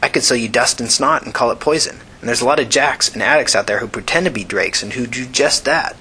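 A man voicing a smooth, shrewd poison seller. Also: mid-range voice, bright, forceful tone, rough recording. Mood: wry. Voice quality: smooth, rich. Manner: unhurried, wry. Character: young woman poison seller, calm and shrewd.

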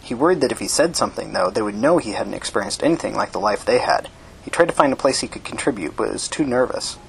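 A man reading short fiction aloud as narrator, plain and steady. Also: lowish voice, fast talker, creaky, a little hiss or hum.

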